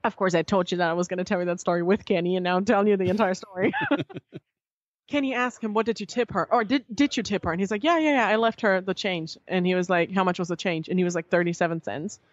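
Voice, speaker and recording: A woman guest on a podcast, telling a story in casual chat, animated and swearing freely as she acts out what others said. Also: on the low side, fast, no echo, dull audio.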